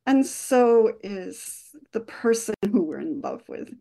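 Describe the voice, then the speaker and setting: Measured woman explaining brain science. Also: a little high, big pitch swings, vocal fry, dark tone. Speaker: neuroscience expert guest. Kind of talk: explaining on a radio interview.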